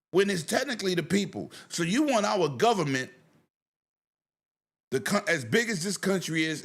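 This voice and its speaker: A man's voice: a little high, fairly bright tone. A man hosting a casual gaming livestream, ranting with profanity and greeting viewers in chat. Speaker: livestream host.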